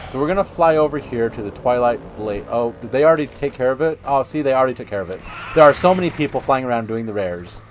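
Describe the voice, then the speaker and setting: A man's voice: medium pitch, lively intonation, fast talker, few pauses, slight background noise. Chatty man narrating gameplay. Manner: rambling, chatty, trails off. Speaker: gaming channel host. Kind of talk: casual gameplay commentary.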